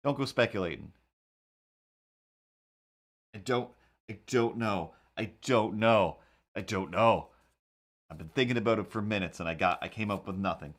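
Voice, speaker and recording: A man's voice: lowish voice, moderate pace. A man chatting casually while he draws, rambling in a wry, incredulous way. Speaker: cartoonist streamer. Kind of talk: casual chat while drawing.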